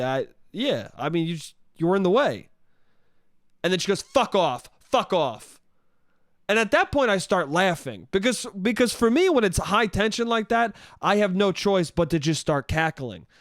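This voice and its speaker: A young man hosting a solo podcast, telling a story in an animated, profane way and acting out the people in it. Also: high-pitched, no echo, clean studio sound. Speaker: podcast host.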